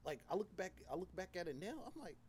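A man's voice: high-pitched, fast, a little mellow, a little hiss or hum. A young man guest on a podcast, telling a personal story in a casual, slangy and heavily profane way. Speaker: podcast guest, fashion entrepreneur.

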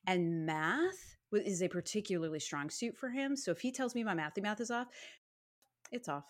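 A woman's voice: mid-range voice, animated, normal speed. A woman co-hosting a true-crime podcast in casual chat, laughing easily as she talks. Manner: laughs easily, chatty and loose. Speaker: podcast co-host.

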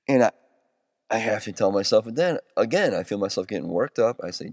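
Male podcast host, mid-range voice, chatty storyteller with animated peaks, dry studio sound. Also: brisk, no echo. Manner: animated, with sudden jumps to excited highs; rambling with restarts and self-corrections. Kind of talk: casual storytelling monologue.

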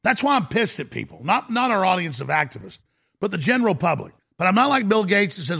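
A middle-aged man hosting a talk show, delivering an aggressive, shouting rant in a raspy voice. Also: high voice, big pitch swings, fast talker. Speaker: radio talk show host. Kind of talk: ranting talk-show monologue.

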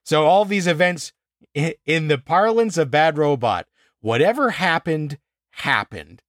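A man co-hosting a podcast in casual chat, animated and exasperated, swearing freely and acting out scenes as he reviews an episode. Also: on the high side, unhurried, dry recording, studio quality.

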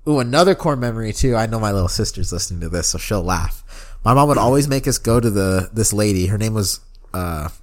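Young man, podcast co-host, casual swearing chat, lowish voice, filler-heavy. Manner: laid-back, swears often, says "like" and "bro" a lot.

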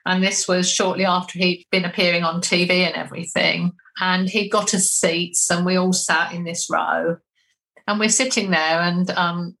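A middle-aged woman with a bright, forward voice tells one anecdote after another in an interview. She keeps a chatty, flowing manner and sounds easy and familiar as she talks. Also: lowish voice, rough recording. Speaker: medium. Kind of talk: interview storytelling.

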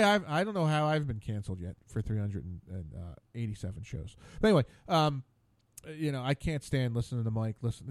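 A man's voice: mid-range voice, dry recording. A man hosting his own radio show, rambling casually alone at a studio mic, stammering and repeating words in exasperation.

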